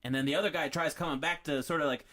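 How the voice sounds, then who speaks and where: A man's voice: a little high, fairly even intonation, rapid-fire, sharp tone. Rambling man on a casual podcast. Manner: rambling, many fillers and restarts, swears casually. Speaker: podcast host. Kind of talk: casual chat.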